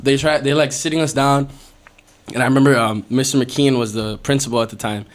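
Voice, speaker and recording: A young man hosting a podcast, telling a story in a casual, animated way, with lots of swearing and laughter. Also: mid-range voice, a little fast. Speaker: podcast host. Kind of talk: casual storytelling among friends. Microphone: podcast studio mic.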